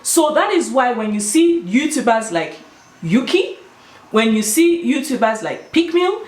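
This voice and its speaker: Speaking in a slightly high, sing-song voice at a somewhat slow pace, a Nigerian YouTuber with an Igbo-tinged accent chats emphatically with her vlog audience. She's an adult with children, explaining things and telling stories in an echoey room.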